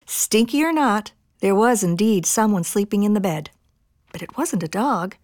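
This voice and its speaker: Lively woman reading a children's story. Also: mid-range voice, normal speed, no room sound. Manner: expressive, bouncy storytelling. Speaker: storybook reader. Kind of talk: children's picture book read-aloud.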